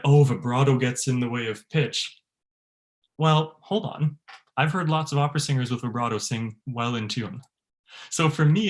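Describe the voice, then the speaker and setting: A man, a bass-baritone voice teacher, leading an online workshop for choir singers, laughing often and demonstrating sounds. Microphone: video call.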